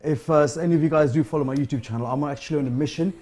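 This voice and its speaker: Laid-back guest storyteller, a slightly raised voice. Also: male voice, fairly high pitch, racing, warm tone. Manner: laid-back, jokey, says "you know" and "right". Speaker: guest filmmaker and singer. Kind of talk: casual talk-show storytelling.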